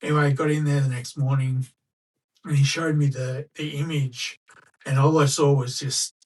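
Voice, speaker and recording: A man's voice: medium pitch, flat delivery, normal speed, breathy edge, recorded from a distance, poor audio. A middle-aged Australian man telling a personal story as a podcast guest, chatty and anecdotal, acting out what people said. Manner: chatty anecdotal, acts out quoted dialogue. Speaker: guest, school staff member. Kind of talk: casual storytelling in a podcast interview.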